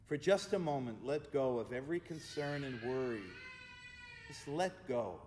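A man preaching a sermon as pastor, speaking with emphatic repeated refrains and easing into hushed, slow prayer. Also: medium pitch, animated, slight background noise. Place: church sanctuary. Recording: echoey church hall with long reverb.

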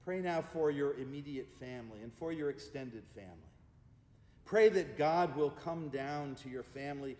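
A man preaching a sermon as pastor, speaking with emphatic repeated refrains and easing into hushed, slow prayer. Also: medium pitch. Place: church sanctuary. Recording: echoey church hall with long reverb.

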